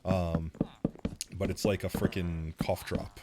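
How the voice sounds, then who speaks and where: A man's voice: sits low, little pitch movement, slow, very noisy. A man streaming live with a sore throat, rambling casually into a close mic while he plays. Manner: rambling, self-deprecating, reacts loudly.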